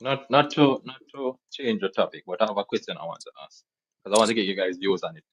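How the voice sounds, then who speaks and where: A man's voice: lowish voice, lively intonation, fast talker, fairly bright tone, muffled recording. A man co-hosting a podcast, explaining his points in a matter-of-fact way. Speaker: podcast co-host.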